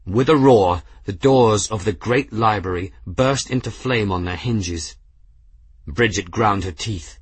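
A man narrates a fantasy story with a steady, dramatic delivery. His voice sits low and sounds husky. The recording is close and dry. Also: measured pace, no room sound. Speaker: audiobook narrator. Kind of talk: scripted narration.

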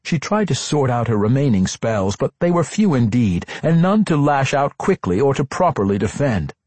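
A man narrating a fantasy audiobook in an expressive, dramatic reading with character voices. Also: medium pitch, moderate pace, breathy edge, no room sound.

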